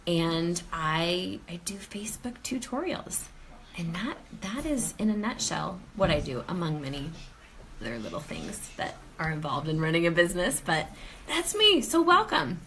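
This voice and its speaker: A woman's voice: fairly low pitch, huge pitch swings, moderate pace, fairly bright tone, slight background noise. A woman from Colorado hosting a casual live stream from home, greeting viewers by name and laughing often. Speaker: host of a live sales stream. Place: home, near the kitchen.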